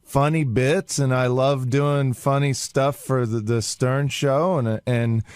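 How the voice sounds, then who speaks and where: Male staffer, eager and joking, laughs a lot, smooth tone. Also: medium pitch, fairly even intonation, slow, darkish tone, no echo. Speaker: show staffer. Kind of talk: radio studio chat.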